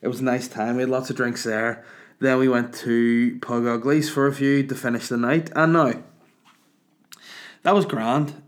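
A man in his thirties with a Northern Irish accent, hungover, telling crude, rambling, animated comic stories. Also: mid-range voice, moderate pace. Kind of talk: casual comic storytelling.

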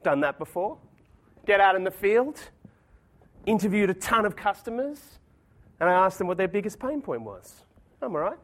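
An animated man telling a story on stage at a conference, pokes fun at himself. His voice sits high for a man. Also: moderate pace. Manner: storytelling, self-deprecating, animated. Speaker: conference speaker. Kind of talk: conference talk with anecdotes.

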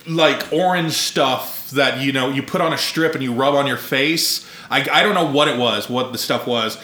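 Bright-voiced man telling stories on a podcast. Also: mid-range voice, moderate pace. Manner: profane, self-mocking storytelling with frequent laughter. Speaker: podcast host. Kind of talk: casual podcast chat. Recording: roomy echo.

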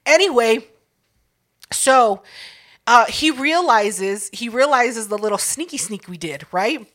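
A young woman telling a story in casual chat, animated, swearing freely, laughing often and acting out what people said. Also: a little high, slow.

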